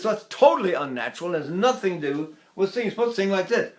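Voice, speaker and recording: An older man teaching vocal technique, with a slightly high voice for a man. He talks in a folksy, demonstrative way and stops now and then to sing vowels as examples. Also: animated, quick pace, a bit bright. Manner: folksy, demonstrative, sings sample vowels and laughs between points.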